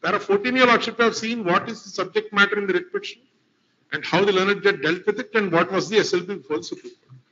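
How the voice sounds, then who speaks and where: In a dull, lo-fi courtroom recording, a man argues formally before the court as an advocate, deferential and constantly addressing the bench. His voice sits high and is expressive, bright and forceful, and he talks fast. His manner is formal and deferential, with "my lord" repeated often.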